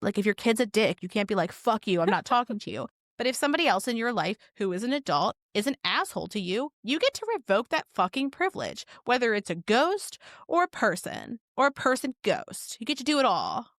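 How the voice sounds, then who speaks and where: A woman's voice: fairly high pitch, big pitch swings, brisk, hardly any pauses, fairly bright tone, no room sound, clean studio sound. A woman co-hosting a casual podcast, telling stories with lots of swearing and acted-out quotes. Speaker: podcast co-host.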